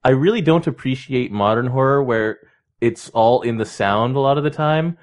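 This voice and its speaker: A man in a casual group chat, giving his opinions in an articulate, deliberate way. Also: mid-range voice. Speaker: podcast co-host.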